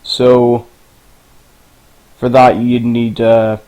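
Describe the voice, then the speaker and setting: A man's voice: mid-range voice, completely flat delivery, extremely slow, dark tone, rough recording. Casual young man walking through a game editor. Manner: rambling, informal, swears casually. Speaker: game tutorial maker. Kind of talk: casual screen-recorded game tutorial.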